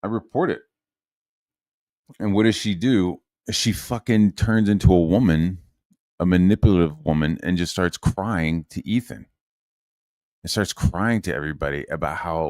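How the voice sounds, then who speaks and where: A man's voice: low voice, no echo, studio quality. A man from Virginia, a channel host, telling a long profane, agitated story with many fillers and restarts. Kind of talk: casual ranting monologue.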